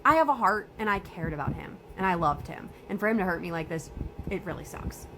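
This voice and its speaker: Young woman doing storytime, upset and fighting tears, voice jumping loud and quiet, faint hiss. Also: fairly low pitch, animated, a little fast. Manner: emotional, upset, swings between loud and quiet. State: holding back tears. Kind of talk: casual storytime.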